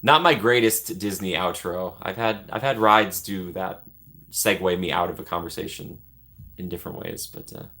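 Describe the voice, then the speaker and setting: Rambling, chuckling bright-voiced man. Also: low-pitched. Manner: rambling, self-deprecating, laughs often. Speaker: vlogger. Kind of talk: casual chat.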